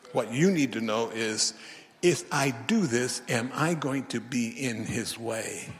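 Animated male preacher in a reverberant hall. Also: slow pace. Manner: animated storytelling with big swings in pitch and loudness. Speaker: bishop and preacher. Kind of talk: sermon. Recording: long reverb of a large hall.

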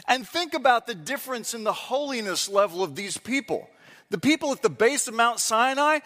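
A man delivers a sermon in a high, bright voice. He draws out key phrases slowly and acts out short quoted exchanges. The sound rings with the long reverb of a large church hall. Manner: emphatic, drawn-out dramatic delivery with acted-out quotes. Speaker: preacher.

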